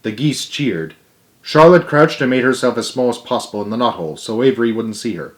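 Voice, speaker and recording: A man's voice: medium pitch, a little fast. Man reading a storybook aloud. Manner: relaxed, with asides. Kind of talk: children's book read-aloud.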